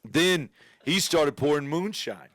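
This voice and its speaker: A man's voice: a little high, expressive, takes it slowly, a bit bright, dry recording. A young adult man telling a rowdy story in casual podcast banter. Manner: rowdy storytelling, mock accents. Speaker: podcast co-host.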